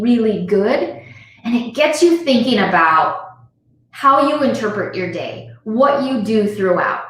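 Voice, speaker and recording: A woman's voice: mid-range voice, a bit bright. Woman livestreaming a pep talk, earnest, keeps repeating herself, big echoey room. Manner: earnest, repetitive, direct address to viewers. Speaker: motivational speaker. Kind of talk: live-streamed motivational talk. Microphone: device camera on a live stream.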